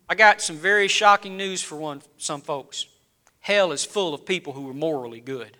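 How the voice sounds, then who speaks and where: Man, sermon, high voice, bright and forceful tone, shifts from hushed to loud. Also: moderate pace. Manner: preaching with rising and falling intensity, dropping low then building loud. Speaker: pastor. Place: church.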